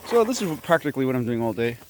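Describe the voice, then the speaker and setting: Man from Korea, casual outdoor vlogger, rambling asides, talks through mouthfuls, mid pitch, faint nature noise behind. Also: very animated, very fast, a little mellow. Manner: talks while chewing. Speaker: vlogger clearing a fruit garden. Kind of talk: casual walk-and-talk vlog. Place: outdoors in an overgrown tropical garden.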